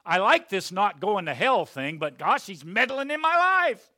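A man voicing a petulant churchgoer who whines and complains loudly. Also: high voice, big pitch swings, normal speed, pitched above the performer's own voice, full character voice. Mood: whiny. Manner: whiny, loud complaining. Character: grumbling churchgoer, petulant and whiny.

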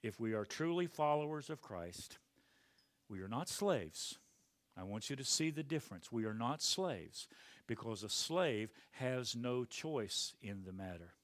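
A male pastor preaching a sermon emphatically, swinging from quiet to loud. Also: mid-range voice, lively intonation, measured pace, no room sound.

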